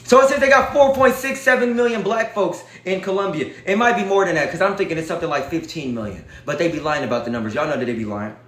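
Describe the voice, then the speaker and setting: A man's voice: a little high, quick pace, hardly any pauses, a bit bright, roomy sound. A man vlogging to his viewers in a casual, emphatic, preachy way, often calling out to them as y'all. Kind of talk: casual direct-to-camera talk.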